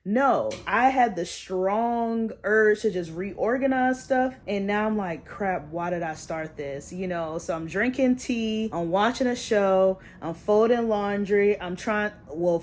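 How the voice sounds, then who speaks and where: A woman's voice: mid-range voice, darkish tone. A young woman rambling in a casual late-night vlog from her bedroom, slangy and laughing at herself. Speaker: vlogger.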